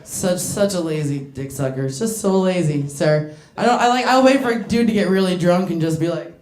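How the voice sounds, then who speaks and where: A woman's voice: on the low side, brisk, darkish tone, slight background noise. Brash, crude woman doing stand-up. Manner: brash, crude, laughs between lines. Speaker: stand-up comedian. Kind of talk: stand-up set with crowd work. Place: comedy club stage. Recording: roomy club with crowd laughter.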